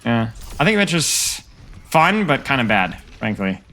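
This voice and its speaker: A man's voice: medium pitch, big pitch swings, measured pace, sharp tone. A man with a nasal voice coaching a player in a casual, frank, rambling way full of fillers. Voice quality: self-described nasal voice. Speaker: game coach.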